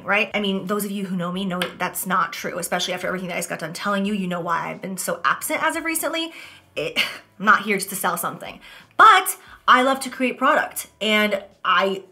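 A woman's voice: mid-range voice, a little fast, pushed and bright. A young woman vlogging while doing her makeup, talking candidly and emotionally to her viewers. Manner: emotional, earnest confessional talk. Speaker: beauty vlogger. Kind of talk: candid get-ready-with-me talk.

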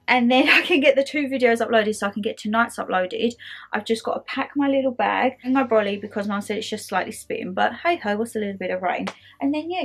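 In a home vlog, a woman chats casually and rambles through stories, sprinkling in "like" again and again. Her voice is on the high side and slightly rough.

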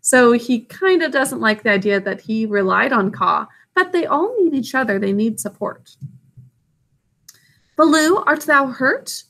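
A woman's voice: a little high, expressive, moderate pace, creaky, hardly any pauses, a bit bright. A woman reading a story aloud, stopping to explain what is happening. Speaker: storybook reader.

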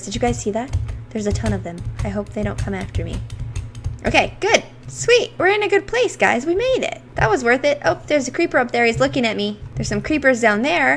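Excitable woman streamer, high and lively. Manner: excitable, squealing, talks to viewers. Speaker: gaming streamer. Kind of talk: casual game commentary.

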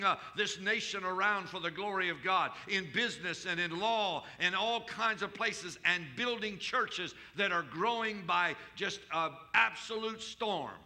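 A male pastor preaching at a church service, his voice pitched high and strikingly bright and cutting. He keeps questioning the congregation and climbs into loud, shouted declarations when he prays. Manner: rises to shouted declarations in prayer. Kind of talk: sermon.

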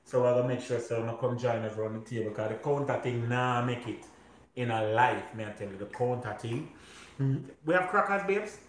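A man with a Jamaican accent co-hosts a relaxed food chat at home, slipping into patois and playful teasing. He is recorded in a roomy, echoing kitchen with a clear layer of noise behind him. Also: mid-range voice, a little fast. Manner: patois-heavy, playful banter. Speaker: co-host. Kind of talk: casual chat.

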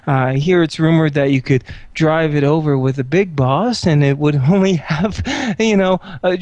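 A man's voice: on the high side, darkish tone, dry recording, natural voice. A man doing a stammering shy young hacker. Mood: rambling. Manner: stammering, halting speech with filler words. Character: shy nerdy young male hacker, awkward and withdrawn.

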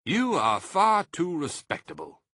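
A man voicing Mister Fox, a bold and cunning father fox who talks in a lively, theatrical way. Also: on the high side, unhurried, dry recording, studio quality, voice pushed up, heavily acted. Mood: confident.

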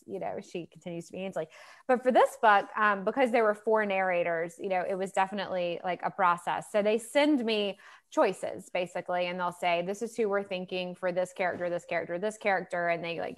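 A woman's voice: medium pitch, fairly bright tone. A woman author in a casual interview chat over a video call, talking loosely with many fillers and laughs. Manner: chatty, lots of fillers and laughs. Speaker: author guest.

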